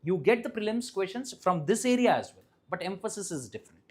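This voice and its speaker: A teacher with an Indian English accent giving a live classroom lecture, often asking the class questions and checking that they follow, and repeating key points slowly and firmly. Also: mid-range voice, big pitch swings, a little mellow, breathy edge. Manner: keeps quizzing the class and checking understanding. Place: classroom with students present.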